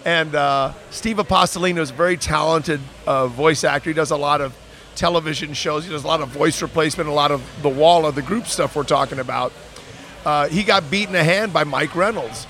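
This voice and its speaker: A man with a notably high speaking voice, a working voice actor chatting casually. He tells his stories with animation and drops into voices to make a point. The sound of an outdoor street sits behind him. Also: fairly quick. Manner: animated storyteller, slips into character voices. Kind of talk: casual chat.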